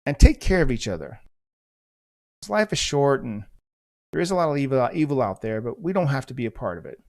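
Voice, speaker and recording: A man's voice: mid-range voice, sing-song, a little fast. A middle-aged man from the United States, a former police officer hosting a podcast, telling a story in a blunt, intense, profane way. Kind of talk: storytelling monologue.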